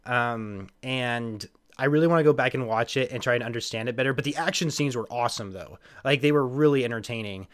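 A man hosts a casual podcast, rambling through his thoughts with lots of restarts. His voice sits at an ordinary middle pitch. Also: fairly quick, few pauses, fairly bright tone. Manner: rambling, laughs often, many restarts. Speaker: podcast host.

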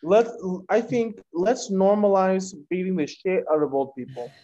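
A man's voice: sits high, expressive, normal speed, warm tone, muffled recording. A man in casual podcast chat, reacting with short interjections and egging the storyteller on. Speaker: podcast co-host.

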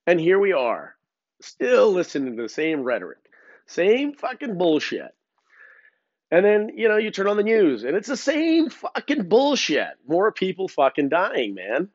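A man's voice: high voice, huge pitch swings, measured pace, no echo. A man hosting a podcast, ranting casually with lots of swearing, stammered restarts and filler words. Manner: rambling, profane, many restarts. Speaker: podcast host. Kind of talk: casual rant. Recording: dull, lo-fi sound.

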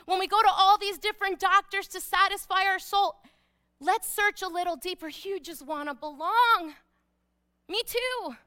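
Woman pastor, high and bright, emphatic sermon delivery with hushed repetitions. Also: moderate pace. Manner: emphatic, dropping to hushed repeated phrases.

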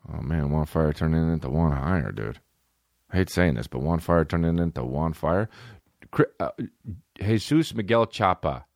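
A young adult man hosting a comedy podcast, telling stories in a profane, rambling, animated way and voicing the people he quotes. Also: extremely low pitch, normal speed, gravelly, dry recording, studio quality. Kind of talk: casual podcast storytelling.

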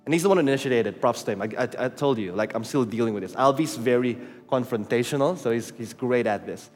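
Here a fast-talking preacher with a Filipino accent and a medium, slightly mellow voice recounts something from his own life. His tone is frank and chatty, with Tagalog phrases woven in. Captured in an echoey hall, faint music and a crowd can be heard.

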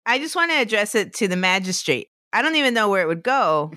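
A woman's voice: mid-range voice, sing-song, fast, bright, forceful tone, no echo. Chatty woman podcast host, dry close sound. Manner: laughs often, loose conversational narration. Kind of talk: casual podcast chat and storytelling.

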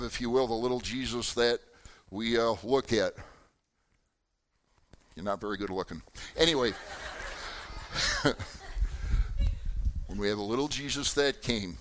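A man, a pastor, preaching a sermon with lively swings in pitch and loudness and putting questions to his congregation.

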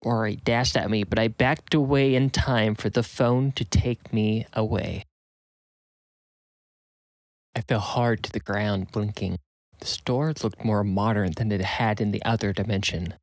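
A man's voice: fairly low pitch, steady tone, moderate pace, no room sound. A man narrating a serial first-person story in an earnest, urgent way.

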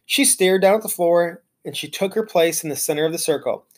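A reader narrating a children's storybook aloud in an expressive, lively way. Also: mid-range voice, fairly quick.

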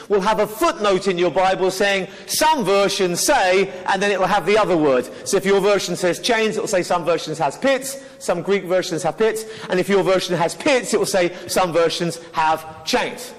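A man's voice: high voice, expressive, moderate pace, hardly any pauses, in a large hall, rough recording. A man teaching the Bible to an audience, earnest and explanatory, often restarting and correcting himself mid-sentence.

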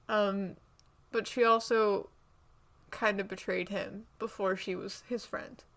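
A woman's voice: medium pitch, fairly bright tone. A woman co-hosting a podcast in casual book chat, gushing and chatty, often restarting her sentences. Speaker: podcast co-host.

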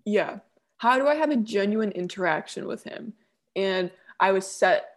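A young woman co-hosting a casual chat, telling a story with lively acted-out quotes. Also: mid-range voice, moderate pace. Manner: animated, acts out quoted voices. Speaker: podcast co-host.

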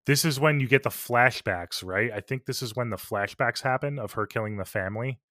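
In a casual film review chat, a male podcast co-host talks eagerly, swears without restraint, and uses many fillers. His mid-range voice moves fairly quickly and sounds pushed and bright, and the recording is dry and studio-clean.

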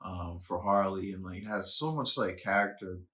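Animated male podcast host, bright tone, echoey room. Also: low-pitched, moderate pace. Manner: animated, laughs often, swears. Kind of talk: casual chat.

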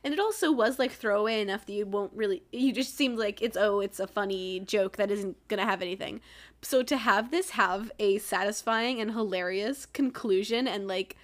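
A woman's voice: mid-range voice, normal speed. A woman co-hosting a casual podcast chat, making wry jokes and giggling often. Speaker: podcast co-host. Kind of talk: casual chat recapping a book.

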